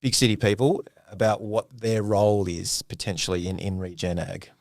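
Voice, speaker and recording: A man hosting a podcast interview, speaking hesitantly with many pauses and restarts. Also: on the low side, steady tone, darkish tone, no echo, clean studio sound. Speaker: podcast host.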